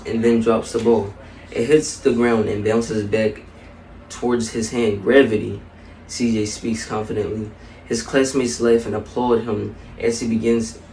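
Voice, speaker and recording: Guy reading a kids story, pretty monotone, roomy echo, faint hum behind. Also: medium pitch, recorded from a distance. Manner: steady, even storybook reading. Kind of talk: reading a children's story aloud. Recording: echoey room, a bit off-mic.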